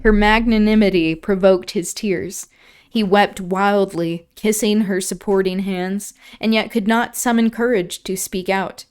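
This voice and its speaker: A woman hosting a livestream, reading a classic novel aloud in steady narration with casual asides. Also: medium pitch, a little slow, clean tone. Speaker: streamer and host.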